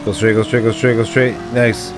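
A man streaming a retro driving game, excitably talking to the game and getting frustrated as he plays. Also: fairly low pitch, moderate pace. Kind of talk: live gameplay commentary. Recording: noisy with game car sounds.

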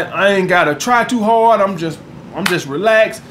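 A man's voice: high voice, moderate pace, background noise. A man giving dating advice in a casual monologue, blunt and profane, who keeps checking in with "all right?". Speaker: dating coach.

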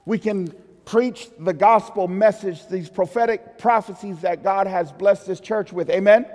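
A man's voice: high-pitched, a little slow, few pauses, a little mellow, big-room sound. A man pastor preaching a sermon in a church, telling a story and asking the congregation rhetorical questions.

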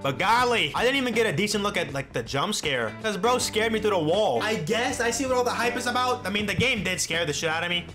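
A man's voice: high-pitched, expressive, fast talker, hardly any pauses. A young man commentating a horror game let's play, talking to the game characters and yelping and swearing when he gets startled. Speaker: gaming YouTuber. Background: game music.

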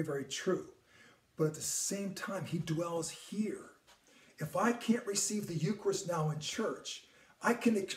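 A man's voice: fairly high pitch, a little mellow, echoey room, far from the mic. A man, a priest, teaching on prayer in an earnest way, repeating words and at times dropping almost to a whisper.

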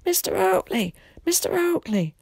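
A woman voicing a bossy, excitable old man who scolds in a hurried way. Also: lowish voice, dry recording, studio quality.

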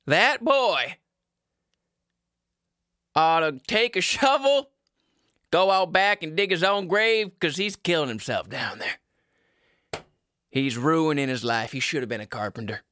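A man's voice: fairly high pitch, sharp tone, dry recording, studio quality, heavily acted. A man voicing a stern old-fashioned father who scolds bluntly with folksy rural phrasing.

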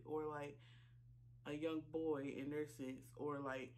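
A woman reaction vlogger, talking casually while choked up and tearful, halting with many fillers and apologies. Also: sits low, flat delivery, a little mellow, slight background noise. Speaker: YouTube reaction channel host. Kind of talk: casual reaction vlog talk.

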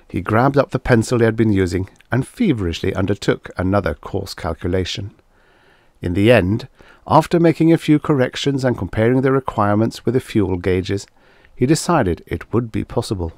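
Narrator, male, low voice, very expressive, dry close mic. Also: moderate pace, no room sound. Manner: animated character reading. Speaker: audiobook narrator. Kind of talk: scripted narration.

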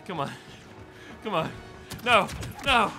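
A man giving casual, excitable commentary over his own gameplay, swearing and yelling at the game. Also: high voice, slow pace, music in the background. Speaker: gaming video host.

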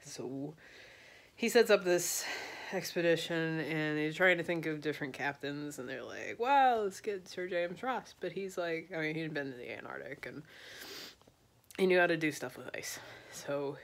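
A woman's voice: low voice, normal speed, gravelly. A tipsy woman telling a history story in a rambling, slangy, loose way. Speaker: vlogger.

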